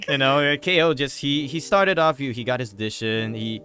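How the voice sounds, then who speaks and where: A man hosting a podcast, retelling a story in a relaxed, rambling way with restarts. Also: mid-range voice, brisk, soft background music. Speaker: podcast host. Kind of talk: casual podcast chat.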